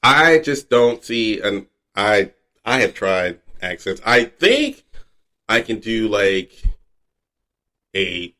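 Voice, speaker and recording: A man's voice: on the low side, big pitch swings, slow pace, long pauses, sharp tone. Easygoing male podcast host. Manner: easygoing, murmurs mm-hmm often. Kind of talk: casual chat.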